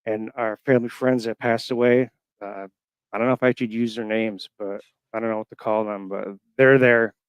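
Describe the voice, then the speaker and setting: A man in his thirties from Florida, calling in to a show and haltingly telling a personal story full of fillers. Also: lowish voice, steady tone, smooth, no echo. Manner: halting, emotional, many fillers. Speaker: caller. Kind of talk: casual storytelling. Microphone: call-in line.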